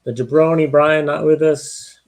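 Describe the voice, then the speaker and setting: A man's voice: a little high, fairly even intonation, measured pace, a little mellow. A man hosting a live-streamed sports podcast, chatting casually with easygoing, joking banter. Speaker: podcast host.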